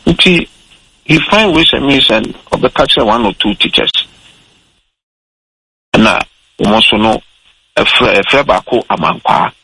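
Man, gravelly, bright tone, mixing Twi and English while telling a story on air. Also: mid-range voice, expressive, slow pace, pauses often, dry recording, low-quality recording. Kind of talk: casual radio talk.

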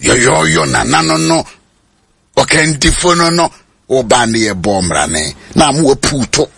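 A preacher whose voice is gravelly and husky. It is bright and forceful, and his pitch swings widely. He switches between Twi and English and climbs into high shouted peaks. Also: lively intonation, moderate pace, no echo. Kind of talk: sermon.

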